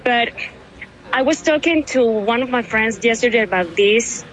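A woman in her thirties from Venezuela speaks with a fairly high voice. She is tearful and emotional, and her sentences keep breaking off into restarts and repeated words. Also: animated, normal speed, rough recording. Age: 30s. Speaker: interviewee. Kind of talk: emotional phone interview.

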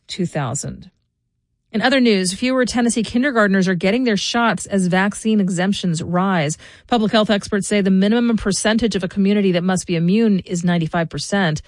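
A woman reads the morning local news on radio. Her delivery is measured and clear, at a middle pitch. The studio sound is dry and close. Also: dry recording. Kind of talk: radio newscast. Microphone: studio mic.

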